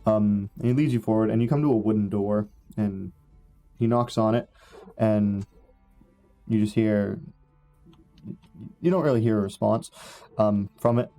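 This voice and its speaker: A man's voice: lowish voice, fairly even intonation, a little slow, pauses often, dark tone, soft background music. A man narrating a tabletop game as game master, rambling with many fillers.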